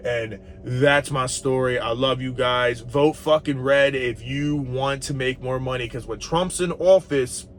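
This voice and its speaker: A man's voice: mid-range voice, fairly even intonation, unhurried, few pauses. A young adult man, a truck driver, talking bluntly and profanely in a casual vlog monologue.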